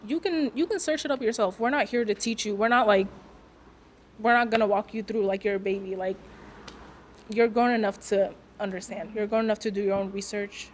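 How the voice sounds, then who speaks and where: A teenage student speaks firmly and frankly, using a lot of "like" and "um". Her pitch is mid-range, and a faint background hum runs under the recording. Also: steady tone, a little fast. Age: teens. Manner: firm and frank, with fillers. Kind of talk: candid reflection.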